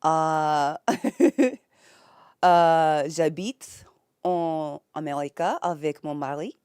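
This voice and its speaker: A woman's voice: sits low, very slow, darkish tone, smooth, dry recording, clean studio sound. A young American woman streaming from bed, chatting casually with viewers, reading chat aloud and laughing often. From United States. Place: home, in bed.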